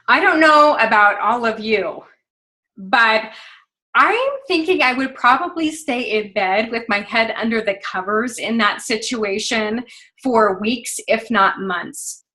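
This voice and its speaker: Bright upbeat woman on a team call. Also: a little high, measured pace, low-quality recording. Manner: upbeat, gushing, many fillers. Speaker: team leader on a sales call. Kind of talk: motivational conference call. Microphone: phone.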